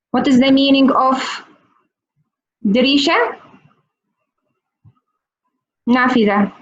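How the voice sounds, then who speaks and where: A woman teaching on a video call, slowly repeating each word for her students. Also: high-pitched, dull audio. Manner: slow, repeats words for learners. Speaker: Arabic teacher. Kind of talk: online language lesson.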